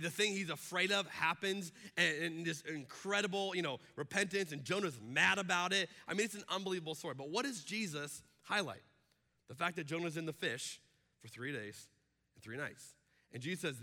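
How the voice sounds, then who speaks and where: Bright-voiced male pastor preaching in a reverberant hall. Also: on the high side. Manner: animated, acts out quoted voices. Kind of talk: sermon.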